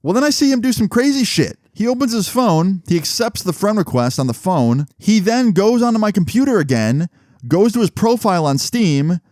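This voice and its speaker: A young man casually telling a personal story to his viewers, animated and swearing often, with frequent rhetorical asides. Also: sits high, moderate pace, dry recording, studio quality. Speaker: storytelling vlogger.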